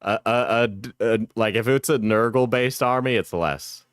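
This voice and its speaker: A man's voice: medium pitch, moderate pace, smooth, no room sound, clean studio sound. A male streamer chatting and joking with viewers during a live stream, laughing often. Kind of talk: live stream reaction chat.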